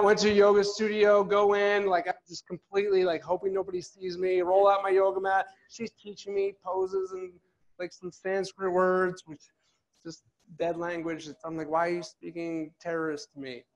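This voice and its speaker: High-voiced, jokey male speaker. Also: normal speed, highs cut off. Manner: animated, jokey, acts out quotes. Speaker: motivational speaker. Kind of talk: storytelling speech to an audience. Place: office event space.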